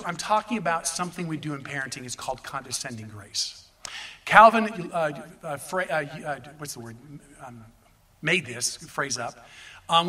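A male pastor preaching a sermon in an animated way, addressing the congregation directly. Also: a little high, recorded from a distance.

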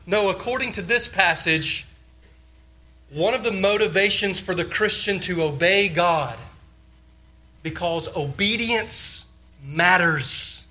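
A male pastor preaches a sermon over poor audio, his high voice pushed and bright at a slightly slow pace. He fires off rhetorical questions and leans on short phrases he repeats as exhortations.

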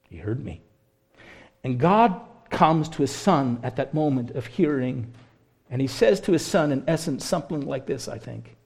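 A man preaching a sermon, rising to loud impassioned stretches and then dropping to a hushed, prayerful voice. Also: mid-range voice, gravelly.

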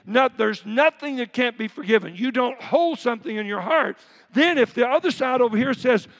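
A male pastor preaches in a church sanctuary, his voice unusually high with a gravelly edge. He keeps it conversational, slipping into everyday quotes. The sound carries a long reverb from the hall. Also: animated, normal speed, a bit bright. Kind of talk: sermon.

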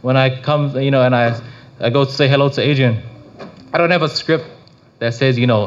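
A man's voice: medium pitch, quick pace, a little hiss or hum. A man giving a casual devotional talk on prayer, rambling with frequent restarts and filler phrases. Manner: rambling, full of restarts and "you know". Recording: slightly dull lo-fi recording.

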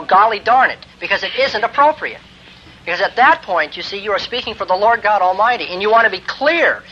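A man giving a classroom lecture on Christian ethics, emphatic and building to forceful exclamations. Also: high-pitched. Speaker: theology lecturer. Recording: dull lo-fi lecture tape with faint hiss.

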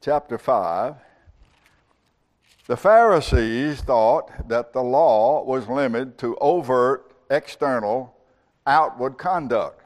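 A man's voice: mid-range voice, takes it slowly. A man preaching a sermon as a pastor, reciting scripture and speaking God's words in the first person.

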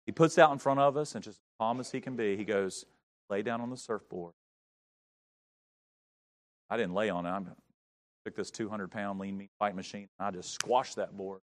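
A middle-aged man preaching, telling a story with big swings from shouting to hushed tones. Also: fairly low pitch, brisk. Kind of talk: sermon storytelling.

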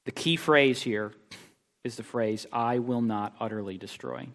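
A man's voice: medium pitch, steady tone, measured pace, gravelly, a bit bright. A man preaching an expository sermon, emphatic, with rhetorical questions and repeated phrases. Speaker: pastor. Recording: long reverb of a large hall.

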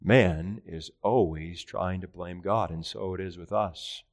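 A man preaching a catechism sermon with earnest, emphatic delivery, raising his voice for rhetorical questions and slowing down on key phrases. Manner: earnest preaching, rising in pitch and volume for emphasis. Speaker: pastor.

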